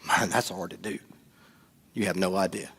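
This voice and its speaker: Animated pastor preaching. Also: male voice, sits low, normal speed, gravelly, breathy edge, long reverb tail. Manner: animated preaching, swings from quiet to loud. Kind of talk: sermon.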